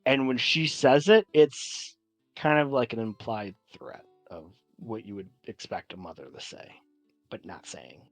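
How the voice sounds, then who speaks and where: A man's voice: medium pitch, dry recording, faint music behind. Man narrating as a tabletop game master. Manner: descriptive, measured narration with pauses to think.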